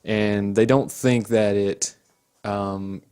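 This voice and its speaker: A young man with a lowish voice co-hosts a laid-back true crime podcast. He agrees often and gives blunt, plain-spoken opinions. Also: fairly even intonation, takes it slowly, a little mellow, smooth. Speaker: podcast co-host. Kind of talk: casual true crime chat.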